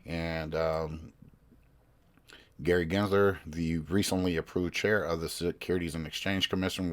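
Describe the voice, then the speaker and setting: A man hosting his own podcast, reading news articles aloud and commenting in a casual, rambling way, often stopping to search for his place. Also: sits low. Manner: rambling, self-interrupting, reads articles aloud. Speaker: podcast host.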